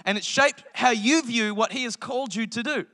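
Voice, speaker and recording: A man in his thirties preaching a sermon as pastor, telling joking family stories with lively impressions. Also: very high voice, moderate pace, big-room sound. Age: 30s. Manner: energetic, joking storytelling with animated impressions.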